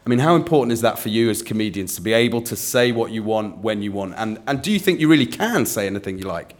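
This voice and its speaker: A man's voice: on the low side, animated, quick pace. Upbeat male podcast host. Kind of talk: casual interview chat.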